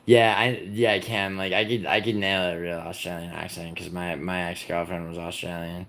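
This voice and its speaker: A man's voice: low voice, flat delivery, normal speed, a bit bright. A young man from the United States hosting a casual livestream, rambling and teasing his viewers as he reads comments aloud. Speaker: livestream host.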